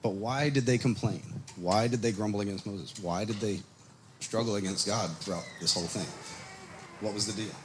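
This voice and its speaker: Brief: man teaching a congregation, low voice, animated storyteller, light background hiss. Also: moderate pace. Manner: animated storytelling, acts out quotes, chuckles. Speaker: Bible study teacher. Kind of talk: casual teaching. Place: congregation meeting room. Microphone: microphone on a PA system.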